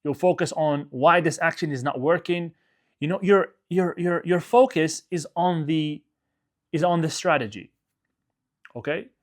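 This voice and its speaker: A man's voice: fairly high pitch, unhurried. A male coach giving a motivational talk to his audience, emphatic, repeating his phrases and often checking in with "okay?".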